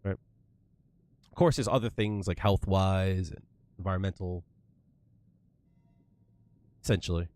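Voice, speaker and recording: A man's voice: sits low, a little slow, long pauses, darkish tone, no echo. A young man chatting casually to his livestream viewers, swearing freely and getting worked up into rants.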